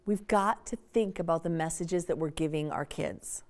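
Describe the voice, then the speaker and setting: A woman's voice: deep voice, moderate pace. A woman giving a conversational parenting workshop talk to an audience, often acting out examples. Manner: animated, conversational, acts out examples. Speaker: workshop speaker.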